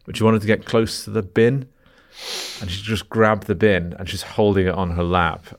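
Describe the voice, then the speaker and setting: Very deep-voiced man telling a story. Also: little pitch movement, moderate pace. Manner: dry, self-mocking anecdote telling. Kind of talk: casual storytelling.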